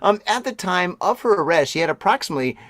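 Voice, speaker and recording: A man in his forties hosting a podcast in a rambling, chatty way, exclaiming and laughing often, his voice a bit deeper while he recovers from strep throat. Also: animated, fast, fairly bright tone, no room sound, studio quality. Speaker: podcast host. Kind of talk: casual podcast chat.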